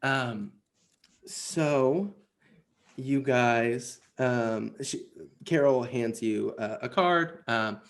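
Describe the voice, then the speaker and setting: A man running a tabletop game, narrating at a slow, unhurried pace. His delivery is halting and relaxed, with plenty of ums, and his pitch sits in an ordinary middle range. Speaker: game master.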